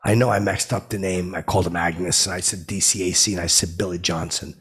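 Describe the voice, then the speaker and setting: A man's voice: low-pitched, fairly even intonation, a little fast, fairly bright tone, slightly rough. A man telling a comic story in a stammering, rambling way, like a podcast host. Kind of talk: comedic rambling monologue.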